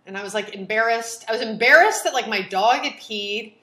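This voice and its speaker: A woman telling a personal story in a casual chat, animated and full of "like", acting out what people said. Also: on the high side, brisk. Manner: animated, acts out quotes, lots of "like". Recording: echoey room.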